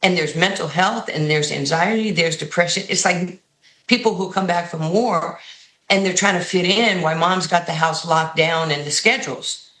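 Animated storytelling woman, bright and roomy. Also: lowish voice, normal speed. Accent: New York. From New York. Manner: animated storyteller who acts out quoted voices. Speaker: basketball head coach. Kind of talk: radio and TV interview guest, storytelling.

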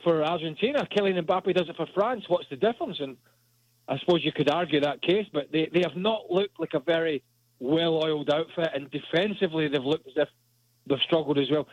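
A man's voice: on the high side, brisk, no echo, muffled recording. A man giving blunt soccer analysis as a radio guest. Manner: blunt, opinionated. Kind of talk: sports analysis.

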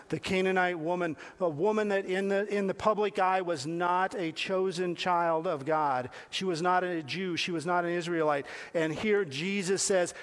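High-voiced man preaching conversationally. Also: moderate pace, few pauses. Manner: talks directly to listeners with questions, repeating phrases. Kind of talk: conversational sermon.

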